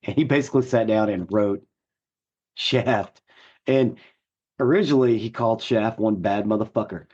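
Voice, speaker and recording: A man with a gruff, hoarse voice co-hosting a podcast, chatting enthusiastically with lots of fillers. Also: lowish voice, moderate pace, long pauses, darkish tone, lo-fi sound. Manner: enthusiastic, rambling with many fillers. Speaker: podcast co-host. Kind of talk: casual chat.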